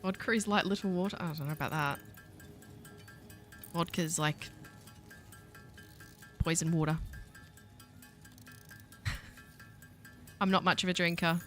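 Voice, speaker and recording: An Australian woman streams a game and chats playfully with her viewers. Her voice is bright and a little low for a woman. Soft game music runs behind her. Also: steady tone, a little slow, pauses often. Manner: chatty, playful, talks to her chat as she plays. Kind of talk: casual live-stream chat while gaming.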